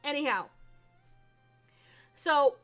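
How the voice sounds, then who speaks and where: A woman's voice: high-pitched, extremely slow, soft background music. A woman narrating as game master of a tabletop game, talking casually and swearing freely. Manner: casual and profane.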